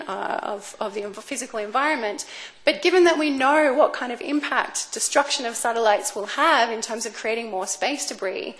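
A woman's voice: on the high side, a bit bright. Woman giving an academic law talk. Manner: measured, with fillers and restarts. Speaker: speaker on space law. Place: lecture room.

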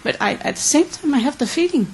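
A woman from the Netherlands, asking an earnest, emotional question at a conference Q&A with many halting restarts. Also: high voice, animated, rough recording. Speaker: audience member asking a question.

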